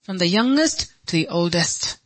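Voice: medium pitch, sing-song, moderate pace, a bit bright, dry recording, poor audio. A pastor preaching a sermon with impassioned, repeated rhetorical questions.

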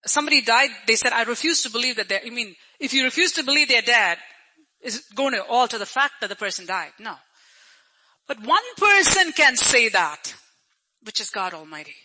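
Very high, bright-voiced male preacher. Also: very animated, normal speed, husky, rough recording. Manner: storytelling preacher who acts out crowd voices; conversational, repeats phrases for emphasis. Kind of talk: sermon.

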